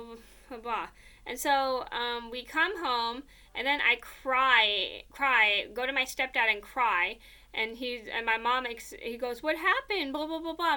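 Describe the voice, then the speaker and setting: A woman's voice: on the high side, pushed and bright. A young woman casually telling a personal story, rambling with many fillers and repeated "blah, blah, blah.".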